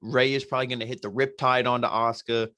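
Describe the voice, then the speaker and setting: A man's voice: mid-range voice, fairly even intonation, fast talker, bright, forceful tone, no room sound. A man hosting a podcast, recapping a show casually in a blunt, profane, exasperated way. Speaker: podcast host reviewing wrestling.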